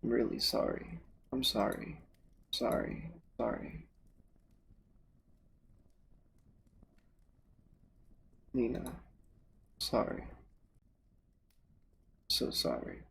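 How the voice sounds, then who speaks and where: A man's voice: mid-range voice, very animated, slow pace, creaky, pauses often, a bit bright, breathy edge, heavily acted. A man reading the lines of a dazed, weary young woman aloud from a visual novel. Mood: tearful.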